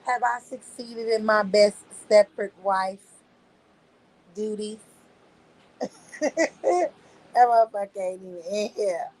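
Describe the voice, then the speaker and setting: Slow, laid-back woman streamer chatting. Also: mid-range voice, fairly even intonation, darkish tone, poor audio. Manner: laid-back, slangy, talks back to chat with laughs. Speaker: livestreamer. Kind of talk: casual livestream chat. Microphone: phone.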